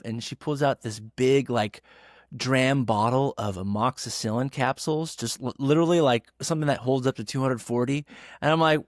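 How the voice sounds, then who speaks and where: A man hosting a casual podcast, telling stories with lively acted-out quotes. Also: mid-range voice, normal speed, dry recording, studio quality. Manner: animated storyteller, acts out quotes. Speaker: podcast host.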